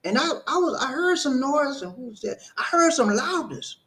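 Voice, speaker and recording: Animated man telling a story. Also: extremely high pitch, normal speed. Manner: animated, repeats words, acts out quoted dialogue. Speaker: live-stream host reading viewer comments. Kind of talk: casual storytelling to viewers.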